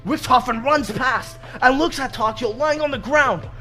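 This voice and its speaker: A man's voice: very high-pitched, moderate pace, over music. A young man reading a fan script aloud in a comic way, with joking, swearing asides. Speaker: narrator.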